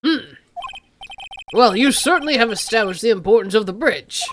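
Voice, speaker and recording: A woman's voice: a little high, lively intonation, moderate pace, slight background noise, lightly acted. A fussy, huffy older male judge with a Canadian accent, played by a woman. He scolds in a stern game-courtroom manner. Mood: impatient.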